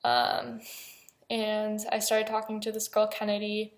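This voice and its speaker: A young woman telling a personal story to her vlog in a halting, hesitant way, with many pauses. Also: mid-range voice, completely flat delivery. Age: young adult. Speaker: vlogger.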